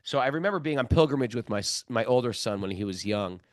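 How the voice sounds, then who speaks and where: A middle-aged man hosting a spiritual podcast, telling a story in a lively casual way, acting out the other people's lines and laughing often. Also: medium pitch, fast, no echo, studio quality. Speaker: podcast host.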